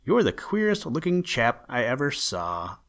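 A man's voice: mid-range voice, wildly swooping pitch, unhurried, a bit bright, exaggerated voice. A man voicing a small, friendly male lantern sprite in a storybook, talking in a kindly, chatty way.

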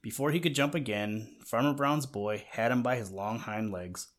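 A man reading a children's storybook aloud in a gentle way, talking to the listener now and then. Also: medium pitch, moderate pace. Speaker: narrator.

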